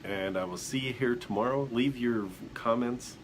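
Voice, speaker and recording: A man's voice: mid-range voice, normal speed, a little hiss or hum. A man hosting a casual motivational live stream who reflects aloud and keeps putting questions to the viewers. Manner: greets viewers by name as they join.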